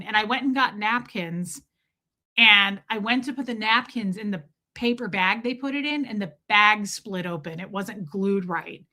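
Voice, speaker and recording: A woman vlogger telling a story in a casual, animated way, acting out the quoted voices and swearing when she gets worked up. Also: medium pitch, normal speed.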